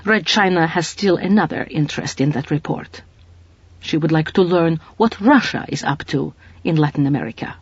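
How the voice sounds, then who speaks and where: A composed male colonel, as a narrator puts him on in an audiobook, choosing each formal word with bland care. The voice is husky and breathy. The recording is dull and dry. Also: mid-range voice, normal speed, no echo. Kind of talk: audiobook reading.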